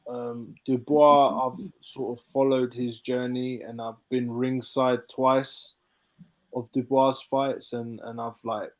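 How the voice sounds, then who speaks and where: A man's voice: mid-range voice, flat delivery, takes it slowly. A man who works as a ring announcer, giving a thoughtful, hedging prediction in casual chat.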